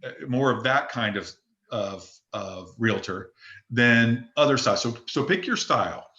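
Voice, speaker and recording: A man's voice: mid-range voice, unhurried, bright, forceful tone, muffled recording. Emphatic man coaching agents, roomy sound. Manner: emphatic, repetitive, frequent restarts. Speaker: real estate broker coaching agents. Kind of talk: casual coaching talk in an open forum. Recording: roomy echo.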